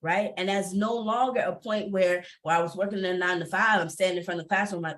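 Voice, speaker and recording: A woman's voice: lowish voice, fast talker, few pauses. A woman who coaches entrepreneurs, speaking candidly and emphatically on a panel over a video call, laughing often.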